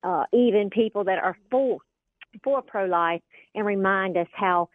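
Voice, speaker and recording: A woman's voice: mid-range voice, unhurried, no room sound. Earnest woman calling in by phone. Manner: earnest, retelling a sermon. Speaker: caller. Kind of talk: phone-in call. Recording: phone line.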